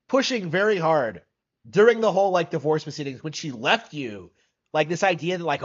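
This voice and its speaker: A man's voice: on the high side, expressive, fairly quick, dull audio. A man reacting on a live stream, skeptical and incredulous, rambling with lots of fillers.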